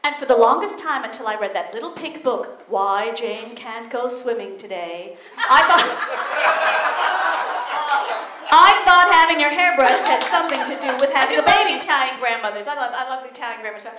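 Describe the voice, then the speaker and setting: A woman comedian doing an animated, mocking stand-up routine. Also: sits high, moderate pace. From New York City. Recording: echoey club, audience noise.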